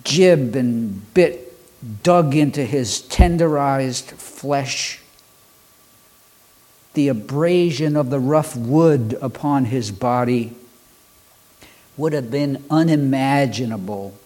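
A male pastor preaching from the pulpit, his delivery slow and deliberate. He builds his points in rhythmic, repeated lists and leaves weighty pauses between phrases. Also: mid-range voice, a little mellow. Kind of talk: sermon.

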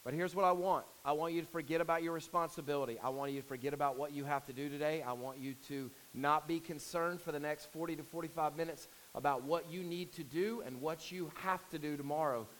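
A man preaching a sermon, praying in a hushed voice and reading scripture aloud with rising intensity. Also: a little high, steady tone, slight background noise. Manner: earnest, rises and swells when reading scripture aloud; hushed and slow in prayer. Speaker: pastor.

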